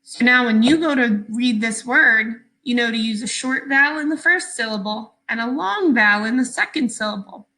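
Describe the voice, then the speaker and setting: A woman teacher giving a recorded phonics lesson for young children, speaking slowly, clearly and patiently with pauses between words. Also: a little high, pushed and bright, poor audio.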